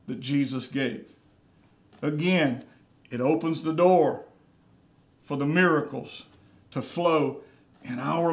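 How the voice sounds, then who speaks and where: A man preaching a sermon as pastor, earnest and repeating phrases for emphasis. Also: on the high side. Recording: roomy church echo.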